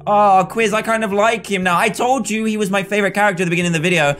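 A young man giving excitable let's play commentary, reading game dialogue aloud and laughing along. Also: high-pitched, fast talker, few pauses, faint music behind. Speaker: gaming video host.

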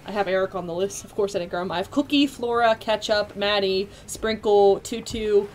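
A young woman live-streaming a video game, excitable and quick to squeal and laugh as she chats with her viewers. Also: medium pitch, slight background noise.

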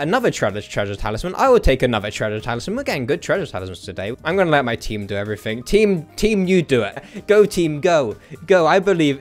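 A young man streaming a game, commenting live in an excitable, jokey way and often breaking into laughter and yelps. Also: medium pitch. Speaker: gaming streamer.

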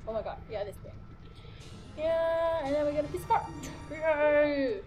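Her voice is high-pitched and darkish in tone, with lively intonation and a slightly slow pace. This young gaming channel host chats casually through a let's-play, scattered and full of fillers and exclamations, as faint game music plays behind.

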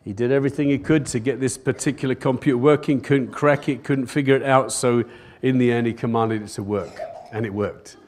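In a brisk, steady, slightly mellow mid-range voice, an older pastor preaches a sermon to a live congregation, repeating phrases for emphasis and asking the room "Amen?" The live church recording has a little hiss or hum.

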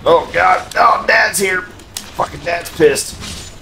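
A man playing a video game live, cursing often and breaking into loud, high-pitched outbursts. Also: slow pace, gravelly, slight background noise. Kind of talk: swearing live game commentary.

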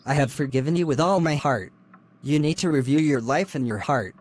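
A man voicing a stern, moralizing father in an animated drama, solemn and lecturing. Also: on the high side, brisk, slightly rough, soft background music. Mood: gentle.

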